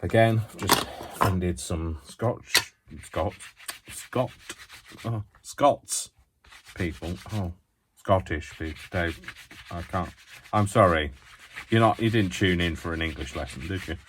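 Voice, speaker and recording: A man with a deep, low voice talks through a craft tutorial at home, chatty and loose, often mocking himself as he goes. A faint hiss sits under the recording. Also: unhurried, a bit bright. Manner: rambling, self-mocking asides. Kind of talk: chatty hands-on demonstration.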